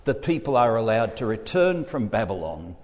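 A lower-voiced Australian man delivers a sermon, reading Bible verses aloud and then explaining them to his listeners. His voice rings with the long reverb of a large hall. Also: very animated, moderate pace, a little mellow. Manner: expository Bible teaching, reading scripture aloud. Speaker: preacher.

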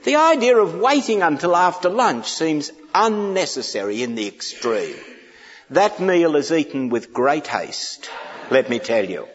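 A man delivers a sermon, mixing humorous anecdotes with emphatic, pleading repetition. His delivery is slow and lively in pitch. The sound is dull and lo-fi with a long hall reverb. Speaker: preacher.

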